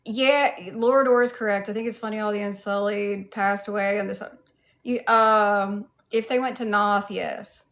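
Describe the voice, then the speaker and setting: A woman with a Southern US accent livestreams in cosplay, casually reading viewers' comments and greeting them in a playful, sassy way. Her voice is medium-pitched and a bit bright, with fairly even intonation at a normal speed.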